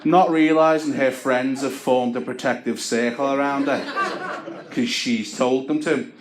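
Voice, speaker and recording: A man's voice: medium pitch, level tone, measured pace. Man, stand-up comedian, dry self-deprecating delivery, stage mic, echoey club, laughing crowd.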